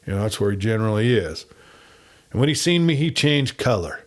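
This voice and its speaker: A man's voice: on the low side, very animated, brisk. A man voicing a cocky outlaw messenger in folksy, ungrammatical frontier talk.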